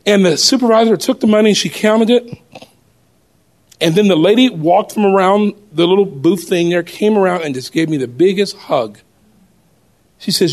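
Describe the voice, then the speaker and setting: High-voiced man telling a lively testimony. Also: moderate pace. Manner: animated, laughs often while telling. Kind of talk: personal testimony storytelling.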